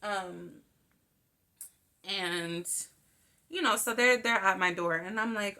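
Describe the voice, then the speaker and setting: A young woman hosting a show, telling a personal story in a candid, animated way and swearing freely. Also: medium pitch, takes it slowly, pauses often. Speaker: podcast host. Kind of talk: casual storytelling monologue.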